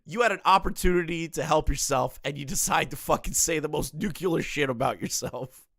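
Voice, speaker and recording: A man's voice: fairly high pitch, fairly quick, gravelly, a bit bright, dry recording, clean studio sound. A man hosting a reaction commentary, ranting, swearing and laughing often, his voice strained. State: strained voice, not back to normal. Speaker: commentary host.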